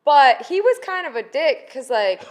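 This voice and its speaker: A woman's voice: high-pitched, big pitch swings, normal speed. A woman, a comedian guest on a podcast, telling a casual story with lots of giggles.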